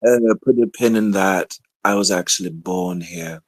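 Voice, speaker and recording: A man's voice: lowish voice, animated, moderate pace, vocal fry, dry recording. A man calling in to a live show to argue, sighing and laughing sarcastically as he speaks. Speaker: caller. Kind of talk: call-in debate.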